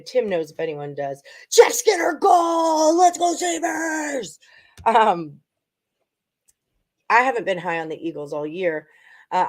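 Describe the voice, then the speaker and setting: A woman hosting a casual sports betting livestream, chatting in a rambling way with frequent ums and laughs. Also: on the low side. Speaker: sports betting show host.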